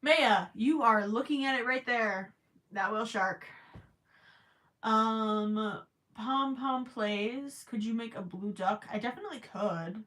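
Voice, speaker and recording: A woman's voice: mid-range voice, fairly bright tone. A young woman casually chatting on a livestream while crocheting, reading viewer questions aloud and teasing herself. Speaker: livestream host.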